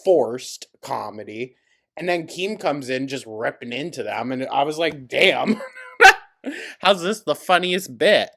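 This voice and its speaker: A woman's voice: very deep voice, expressive, a little slow, fairly bright tone. A woman hosting a reaction commentary, mocking and sarcastic, swearing and laughing often. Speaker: commentary host. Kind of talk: reaction commentary over a stream clip.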